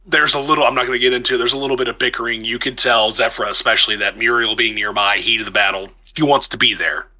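A man's voice: lowish voice, pushed and bright, husky, poor audio. A man narrating a tabletop game as game master, in a casual way, stopping to correct himself as he goes. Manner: casual, stops to correct himself mid-sentence.

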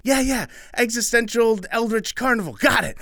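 A man voicing an excited, pushy young kid in a spoken Halloween tale. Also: very high-pitched, moderate pace, no room sound, studio quality, pitched above the performer's own voice. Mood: eager. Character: eager, bouncy young kid.

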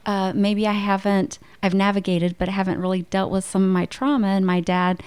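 A woman's voice: medium pitch, little pitch movement, brisk, a little mellow, smooth. A middle-aged woman, a guest author, telling personal stories candidly in a casual faith conversation. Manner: candid, storytelling.

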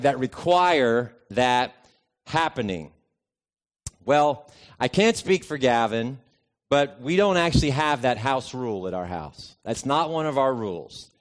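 A middle-aged man preaching a sermon at a mid pitch. He talks in a relaxed, conversational way and weaves in a personal story. He stops often to gather his thoughts. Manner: conversational and easygoing, with frequent pauses. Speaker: pastor.

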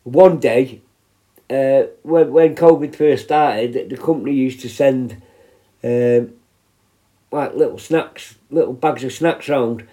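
In a mid-range voice with a dark tone, a fifty-something prison healthcare worker tells stories slowly and casually, rambling and swearing with frequent restarts.

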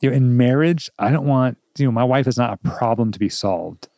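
A man's voice: medium pitch, a little fast, dark tone, dry recording, clean studio sound. A middle-aged man talking as a podcast guest, earnest and reflective, laughing often. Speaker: podcast guest, temperament expert. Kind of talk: casual chat.

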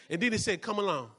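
High-voiced preaching pastor, man. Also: breathy edge. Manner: preaches with bursts of shouting and repeated phrases; calls to the congregation for responses. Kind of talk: sermon.

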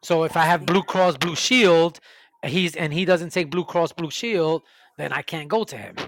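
A man's voice: a little high, normal speed, fairly bright tone, slight background noise. Profane ranting man. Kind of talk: casual chat.

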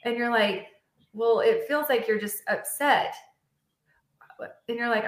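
A woman hosts an interview and tells animated stories, slipping into the voices of the people in them. Her voice sits a little high. The room around her is echoey. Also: unhurried, long pauses. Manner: animated storyteller acting out dialogue. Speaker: podcast host. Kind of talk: casual interview chat.

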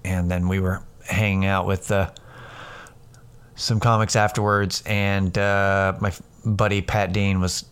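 A man's voice: sits low, flat delivery, unhurried, a bit bright, clear, resonant tone. A middle-aged man and comedian hosting a casual solo podcast, telling rambling, profane stories full of restarts. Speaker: podcast host; stand-up comedian.

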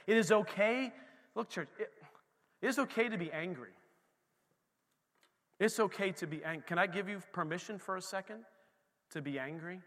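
A middle-aged male pastor preaching a sermon with fervor, swinging between shouts and quiet asides. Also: sits high, normal speed, long reverb tail.

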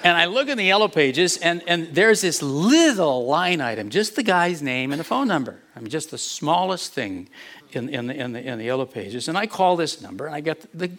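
A male pastor telling a story in a sermon, animated, chuckling often, and repeating words as he goes. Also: on the high side, normal speed, some chatter behind.

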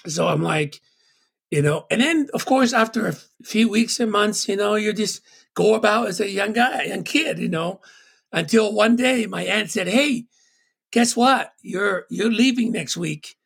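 A man from Tonga, telling a personal story as an interview guest, halting and full of "you know". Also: high-pitched, gravelly, a bit bright, husky.

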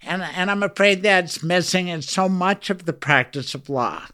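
A man's voice: high voice, normal speed, pushed and bright, clear, resonant tone. A man hosting a lawyers' podcast, chatting enthusiastically with his guest in a casual interview. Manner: enthusiastic, talkative.

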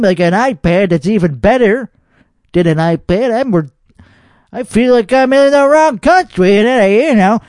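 A man's voice: high voice, darkish tone, no echo, clean studio sound. A man with a Texan accent hosting a podcast, reacting to internet videos in rambling, profane, mock-outraged casual commentary. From Texas. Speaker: podcast host.

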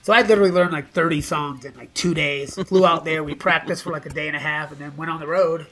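A man's voice: a little high, steady tone, fast talker, over music. A middle-aged man, a podcast guest, telling casual stories with lots of swearing and laughs between lines. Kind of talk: casual storytelling.

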